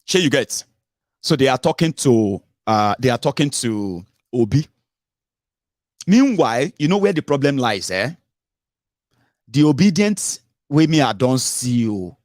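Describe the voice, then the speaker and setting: A middle-aged Nigerian-accented man hosts a casual political talk from his home, his voice sitting at an ordinary pitch but leaping up when he gets animated. He fires off rhetorical questions and drops into pidgin, and the recording is close and dry with no room sound. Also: unhurried, pauses often, dry recording. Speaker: radio and online show host.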